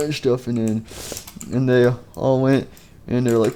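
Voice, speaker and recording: A man narrates a game machinima story off the cuff, rambling through the plot and leaning on fillers like "and stuff". His voice sits at an ordinary pitch with a mellow, soft tone. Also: steady tone, fast talker. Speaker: video creator.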